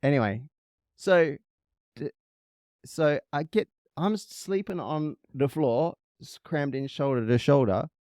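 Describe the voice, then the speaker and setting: A man's voice: on the high side, takes it slowly, a little mellow, dry recording, clean studio sound. A man co-hosting a casual podcast, telling a story in a blunt, profane, teasing way.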